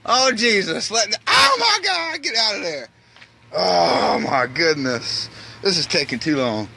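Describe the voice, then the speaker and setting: Frightened man with a high shrieking voice. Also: very animated, unhurried, creaky, noisy background. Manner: panicky, cursing, shrieking in fright. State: sweating, frightened. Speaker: vlogger. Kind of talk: filmed personal vlog. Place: at home by a back door, outside.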